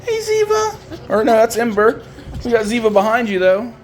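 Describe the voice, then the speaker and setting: A woman filming her puppies, chatting fondly and teasing them, and jumping into high baby talk whenever she calls one over. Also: fairly even intonation, fairly quick, a little hiss or hum. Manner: fond, chatty, teasing the pups. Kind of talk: casual running commentary while filming.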